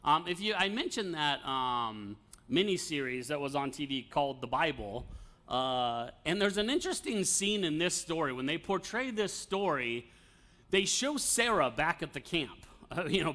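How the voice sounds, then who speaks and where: A man's voice: on the high side, pushed and bright. A man teaching an informal Bible study, talking conversationally with fillers and light laughs.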